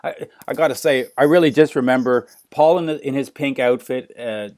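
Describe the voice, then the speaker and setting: A man's voice: medium pitch, moderate pace, a little mellow. Man hosting a fan interview. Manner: enthusiastic fan questions, repeated stammered starts. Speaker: interview host. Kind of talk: casual interview conversation.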